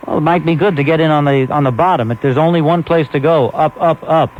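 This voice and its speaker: A man's voice: a little high, fast talker. A man from Brooklyn hosting a late-night call-in radio show, sardonic, wordy and testy with callers. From Brooklyn, New York. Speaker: radio talk show host. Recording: muffled AM radio broadcast with faint hiss.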